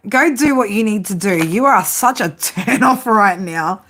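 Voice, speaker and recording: A woman's voice: medium pitch, animated, normal speed, few pauses, a bit bright, husky. A woman giving a casual tarot reading, blunt and profane, often breaking into laughter. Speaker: tarot reader.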